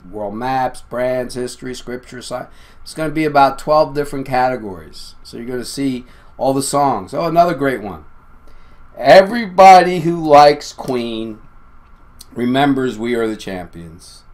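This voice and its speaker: A man hosting his own video, talking casually and insistently to viewers, with an uneven pace and shifting loudness. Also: medium pitch. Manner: insistent, emphatic, often addressing viewers as "people". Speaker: video host. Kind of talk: casual monologue to camera.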